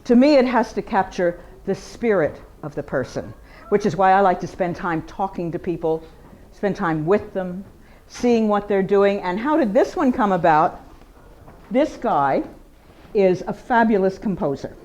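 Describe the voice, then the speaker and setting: A woman artist talking casually to visitors in a gallery, her voice at an ordinary middle pitch. She is animated and chatty, leaping up in pitch to stress a point before settling back down. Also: unhurried. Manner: chatty and animated, with big pitch swings for emphasis. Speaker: portrait artist giving a gallery talk. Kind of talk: informal gallery talk to a live audience. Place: art gallery, indoors.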